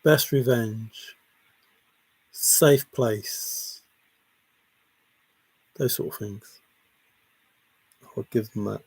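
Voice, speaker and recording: A man's voice: lowish voice, very slow, vocal fry, pauses often, breathy edge, no room sound. A man hosting a casual livestream, reading viewer comments aloud and teasing them with a rambling, chuckling manner. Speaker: livestream host.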